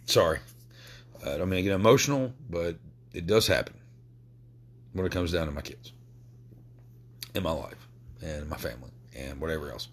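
Low-pitched male podcaster, raw and emotional, cursing, stumbling over restarts. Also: lively intonation. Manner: emotional, sweary, halting restarts. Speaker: podcast host. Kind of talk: personal podcast talk.

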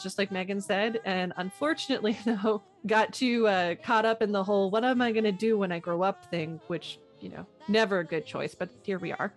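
A woman, co-hosting a podcast in casual chat, self-mocking and acting out quoted voices. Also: medium pitch. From Canada. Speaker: podcast co-host.

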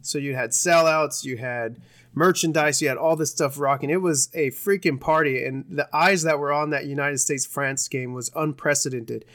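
Young male podcast co-host, casual sports recap, jokey and rambling, slightly higher voice. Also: a bit bright. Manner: joking, rambling, with put-on bits.

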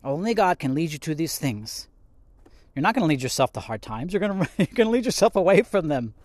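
A man giving a casual podcast sermon on scripture, animated and laughing often as he acts out quotes. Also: on the high side, fairly quick, no room sound. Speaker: podcast Bible teacher.

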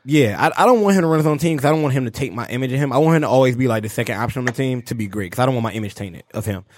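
A man hosting a casual podcast chat, slangy and quick, shouting people out as he talks. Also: medium pitch, a little hiss or hum. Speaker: podcast host.

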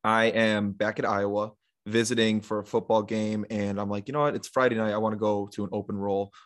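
A man's voice: lowish voice, fairly quick. Laid-back young man telling a story. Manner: relaxed, rambling, many fillers and retold quotes. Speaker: podcast guest. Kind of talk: casual storytelling in an interview.

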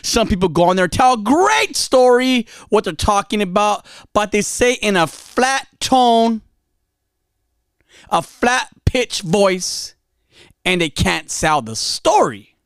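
A man hosting his own podcast, talking passionately and emphatically, with sudden loud bursts and low murmurs. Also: very animated, takes it slowly, clean tone, no echo, clean studio sound. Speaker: podcast host. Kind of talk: casual solo podcast talk. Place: podcast studio.

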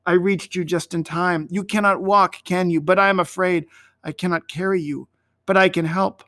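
A man voicing a wounded shepherd boy who speaks softly and tenderly to a hurt lamb, his voice lifted higher than his own. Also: brisk, no room sound. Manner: soft, coaxing, tender.

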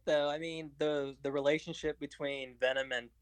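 A man's voice: on the high side, steady tone, normal speed, dry recording. A young man in casual film chat, talking eagerly like a fan and stumbling over fillers. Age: young adult.

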